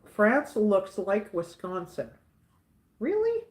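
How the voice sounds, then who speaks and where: Slow-talking woman host, chuckly. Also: medium pitch, huge pitch swings, a little mellow, reverberant. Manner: chuckles often, repeats catchphrases. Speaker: livestream host. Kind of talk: casual livestream chat reading comments.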